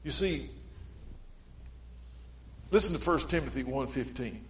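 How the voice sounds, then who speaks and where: A male preacher, giving a sermon in a folksy storytelling way, swinging between emphatic stretches and quiet ones. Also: medium pitch, animated, unhurried, roomy sound, poor audio.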